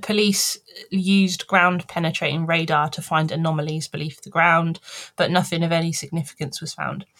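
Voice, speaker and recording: A chatty woman narrates a true-crime case in casual podcast talk. Her voice sits on the low side and she lifts into animated bits when acting out the people involved. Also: moderate pace, few pauses. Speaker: podcast host and storyteller.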